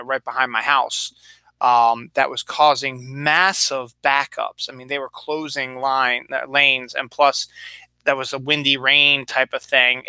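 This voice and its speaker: A podcast host rambles through a loose solo chat on his own show, acting out little quoted asides as he goes. His mid-range voice sounds pushed, bright, and smooth, with no echo.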